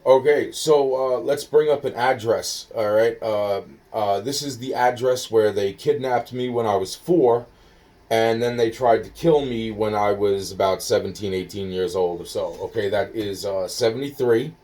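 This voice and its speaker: Rambling man, halting and foggy. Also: fairly low pitch, a little mellow, distant mic. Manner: halting, filler-heavy, scattered; swears, spells things out slowly. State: foggy, hungry. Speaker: caller. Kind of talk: rambling phone call.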